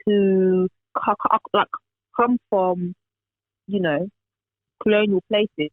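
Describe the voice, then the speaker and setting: A man's voice: high voice, fairly even intonation, takes it slowly, no echo. A man chatting casually on a podcast, rambling with lots of fillers over a remote call. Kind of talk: casual chat. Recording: tinny remote call line.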